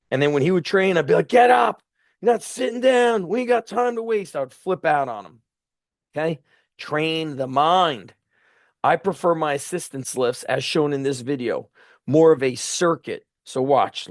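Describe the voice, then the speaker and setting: A middle-aged strength coach and podcast host in a blunt, profane, fired-up monologue. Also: male voice, on the high side, no echo, studio quality.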